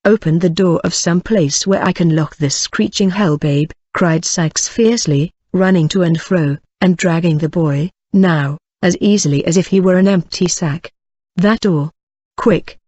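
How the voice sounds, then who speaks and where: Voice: medium pitch, a little slow, a little mellow, no room sound, natural voice. An audiobook reader voicing a brutal, desperate grown man on the run who barks fierce commands, read from a storybook.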